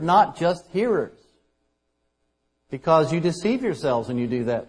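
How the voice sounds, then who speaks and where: A man preaching a conversational sermon as a pastor, shifting between loud emphasis and quiet asides. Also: fairly high pitch, expressive, measured pace, breathy edge. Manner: conversational preaching, dynamic loud and soft swings.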